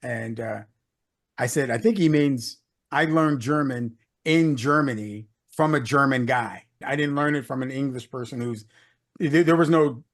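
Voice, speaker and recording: A middle-aged American leadership consultant, a guest telling a personal story in a casual interview, with many "uh"s and "you know"s. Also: male voice, mid-range voice, unhurried. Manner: anecdotal, repeats words, many "uh" and "you know".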